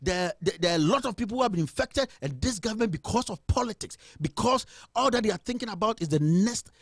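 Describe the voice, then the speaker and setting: Ghanaian guy ranting hard on politics, pretty high voice, dry close sound. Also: expressive, quick pace, no room sound. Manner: impassioned, indignant, repetitive ranting. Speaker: commentary host. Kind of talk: passionate political commentary.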